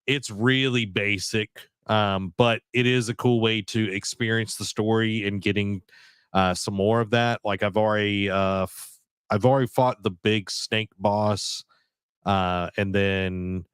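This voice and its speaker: A man with a fairly low voice co-hosts a podcast and talks about games in a loose, rambling way, full of "like" and "um." He is recorded on a close mic in a dry room with no echo. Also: fairly even intonation, a little slow, a bit bright, clean tone. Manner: rambling, many fillers and restarts. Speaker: podcast co-host. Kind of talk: casual chat about video games.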